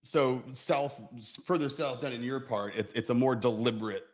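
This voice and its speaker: A man co-hosting a casual livestream chat, talking in a relaxed, hesitant way with lots of fillers. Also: medium pitch, normal speed. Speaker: co-host.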